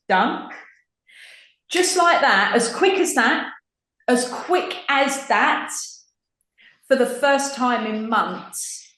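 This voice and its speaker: A woman's voice: mid-range voice, fairly bright tone, reverberant, poor audio. A woman in her forties with an Essex accent, co-hosting a casual spiritual chat and acting out her own inner voices dramatically. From England. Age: 40s. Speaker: podcast co-host.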